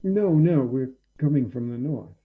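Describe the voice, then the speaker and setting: A man's voice: mid-range voice, expressive, unhurried, breathy edge, narrow, tinny audio. A man voicing a shrewd woman ship captain who talks in a wry, guarded way.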